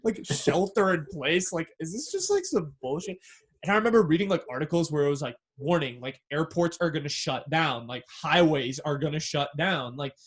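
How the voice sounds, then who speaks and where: A man's voice: on the high side, normal speed. A young man from the Bay Area, hosting a podcast and telling a story in a casual, slangy way, swearing freely and acting out what people said. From San Francisco Bay Area. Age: young adult. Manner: animated, slangy, swears freely, acts out quoted dialogue. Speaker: podcast host.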